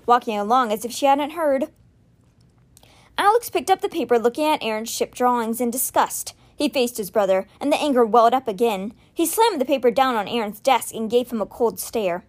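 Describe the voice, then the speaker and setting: Expressive woman reading a novel aloud. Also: on the high side. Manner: expressive storytelling. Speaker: host of a read-aloud podcast.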